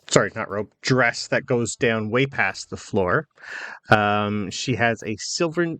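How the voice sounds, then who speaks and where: A man narrating a tabletop game as game master, casual and halting with many fillers. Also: mid-range voice, fairly bright tone, no room sound.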